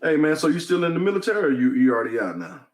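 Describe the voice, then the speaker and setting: A man's voice: a little high, racing. A man asking questions and chiming in during casual podcast chat. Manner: animated, questioning.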